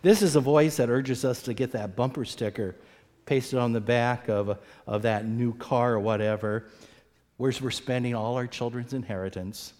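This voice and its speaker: A man preaching an earnest sermon, often repeating words as he goes and acting out quoted voices with big swings in pitch. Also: normal speed, a little mellow. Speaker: pastor. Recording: long hall reverb.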